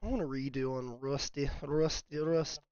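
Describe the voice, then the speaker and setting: A man's voice: medium pitch, fairly even intonation, normal speed, a little mellow, smooth, dry recording, muffled recording. A man streaming an online shooter, calling out plays and trash-talking the other team between laughs with his teammates. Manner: rowdy trash talk, callouts and laughter with teammates. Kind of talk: casual live gameplay chatter. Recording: noisy stream audio with clicks.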